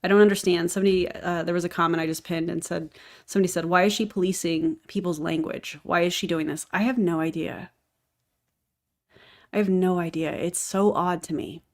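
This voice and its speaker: A woman's voice: fairly low pitch, steady tone, a little fast. A woman giving reaction commentary on a video, sarcastic and exasperated in her asides.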